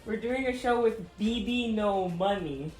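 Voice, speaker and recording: A woman's voice: mid-range voice, a little slow, a little mellow, faint music behind. A woman hosting a casual vlog, chatty, laughing and swearing a little. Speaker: video host.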